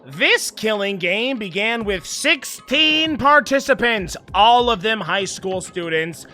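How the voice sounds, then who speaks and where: A male streamer giving animated, jokey let's play commentary and reading game text aloud. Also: high-pitched, takes it slowly, soft background music.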